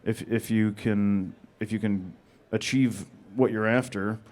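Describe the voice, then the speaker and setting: A man with a flat, monotone, deadpan delivery, answering audience questions on a panel. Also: on the low side, unhurried.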